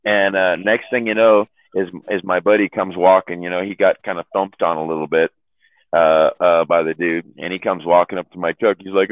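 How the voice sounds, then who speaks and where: A man's voice: deep voice, fairly even intonation, brisk, no echo. A man telling a long profane story in casual chat, rambling and laughing at his own jokes. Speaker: chat room host telling stories. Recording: dry, phone-like audio.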